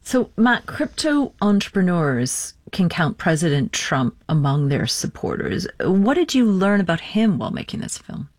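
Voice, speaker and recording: Low-voiced woman host, dry sound. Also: sing-song, no echo. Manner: brisk, question-asking. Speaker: show host. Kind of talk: panel discussion moderating.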